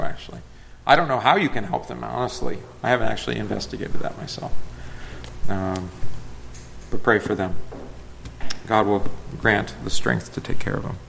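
A man's voice: mid-range voice, gravelly, fairly bright tone, slight background noise. A man leading a Bible study as a pastor, teaching conversationally, asking the group questions and correcting himself as he goes. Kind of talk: casual Bible class teaching.

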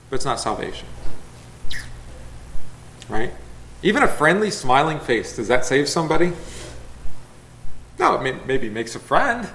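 A man's voice: medium pitch, a bit bright, slight background noise. A man leading a Bible study as a pastor, teaching conversationally, asking the group questions and correcting himself as he goes. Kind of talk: casual Bible class teaching.

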